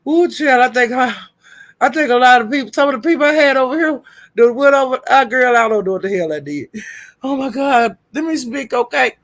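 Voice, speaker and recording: A woman's voice: sits high, a little fast. A woman hosting a live stream who is frantic and flustered, swearing, laughing and calling out to viewers for help. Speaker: livestream host.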